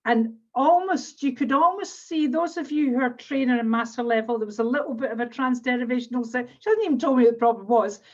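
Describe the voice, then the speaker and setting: A woman's voice: a little high, quick pace, few pauses, darkish tone. A woman with a Scottish accent teaching a live online coaching workshop, walking listeners through exercises step by step and often repeating phrases. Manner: instructive, repeats phrases while guiding exercises. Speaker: NLP trainer and coach. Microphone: video call. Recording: dull lo-fi webinar audio.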